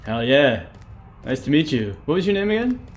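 A young man streaming a game live, reacting excitably, swearing and laughing at what happens on screen. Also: fairly high pitch, moderate pace, a little hiss or hum. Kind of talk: live gameplay commentary.

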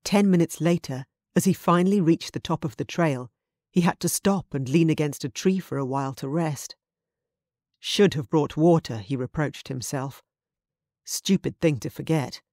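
A woman audiobook narrator reading a contemporary romance in an even, measured scripted narration. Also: low-pitched, no echo, clean studio sound.

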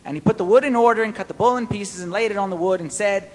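A man preaching a sermon-style Bible study, animated and playful, quizzing his listeners. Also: high-pitched, fast, in a large hall.

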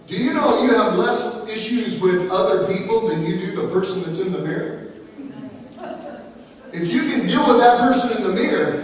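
A man preaching a sermon as pastor, animated and rhythmic, with repetition and playful asides. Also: sits high. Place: church sanctuary. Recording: echoey hall, voice from far off.

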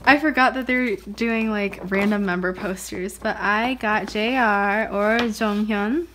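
A woman's voice: mid-range voice, fairly even intonation, measured pace, fairly bright tone, slight background noise. A young woman vlogging casually as she unboxes presents, bubbly and gushing, often gasping and saying how pretty things are. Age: young adult. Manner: bubbly, gushing, frequent gasps and laughs.

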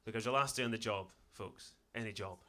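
A man's voice: lowish voice, a little fast, sharp tone. A Scottish man with a Glaswegian accent doing a profane stand-up set with dry punchlines in a comedy club. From Scotland. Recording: noisy live comedy club. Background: audience laughter.

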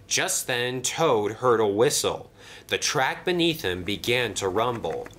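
A man narrating a children's toy train story in an expressive storybook style. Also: mid-range voice, a little slow. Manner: lively, expressive.

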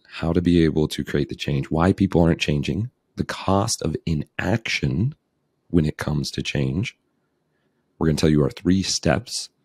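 A man with an extremely low voice that is dark and husky, hosting a casual podcast. He sounds playful and upbeat, with a light streak of self-teasing. The sound is dry and close to the mic. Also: no echo. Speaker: podcast host.

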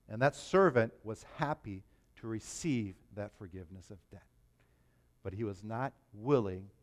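Animated man preaching a sermon. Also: mid-range voice. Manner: animated, emphatic, rising to stress points. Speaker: pastor. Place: church.

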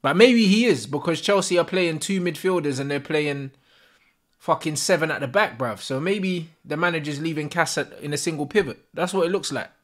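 A young man with a London accent, reacting live to a football match as a fan streamer, excitable and full of slang and swearing, yelling at the plays. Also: a little high, normal speed.

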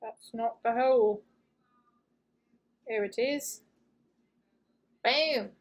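A woman's voice: on the high side, drawn-out words. A woman hosting a casual unboxing video, chatty and gushing, with lots of fillers as she looks over each item. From United States. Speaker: unboxing channel host.

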